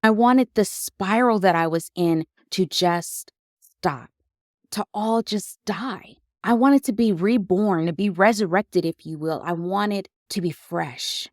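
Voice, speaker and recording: A woman hosting her own podcast, telling a deeply personal story in a reflective, confessional way with emotional emphasis. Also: takes it slowly, no room sound, clean studio sound. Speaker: podcast host.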